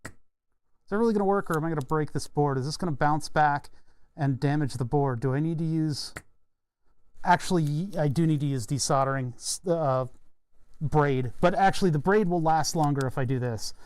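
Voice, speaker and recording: His voice runs slightly high with a darkish, smooth tone at a normal speed, and the recording has no echo. He's an electronics streamer repairing and soldering a circuit board live, chatting to himself casually and self-deprecatingly while hiccuping and burping.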